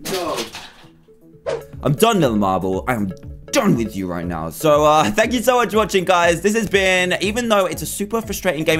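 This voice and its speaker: A young man giving excited gameplay commentary as a YouTuber, exclaiming and groaning at every near-miss. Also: mid-range voice. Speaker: gaming YouTuber. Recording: faint game music behind.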